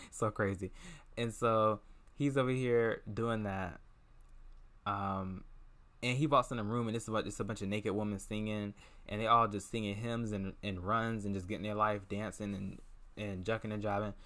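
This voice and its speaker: A young man casually retelling a film's plot, animated and gossipy, with sassy asides and squealed imitations. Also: lowish voice, normal speed. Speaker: movie reviewer.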